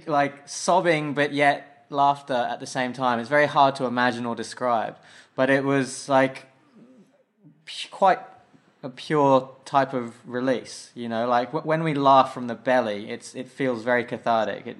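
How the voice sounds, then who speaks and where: A man hosting a podcast, recounting an experience and asking questions in a thoughtful, hesitant way. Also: mid-range voice. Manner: thoughtful, hesitant phrasing with fillers. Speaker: podcast host. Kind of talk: casual interview chat.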